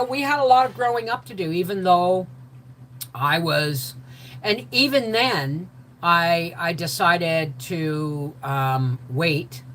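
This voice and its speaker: An older woman telling a personal story in an animated way, acting out the voices of the people in it. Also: fairly low pitch, slight background noise, rough recording. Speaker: host.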